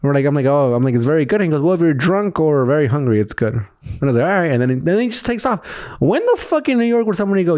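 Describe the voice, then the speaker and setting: A man co-hosting a podcast, telling a story in casual chat with lively quoted dialogue and plenty of swearing. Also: a little high, racing. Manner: animated storytelling, acting out quotes, frequent swearing. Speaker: podcast co-host.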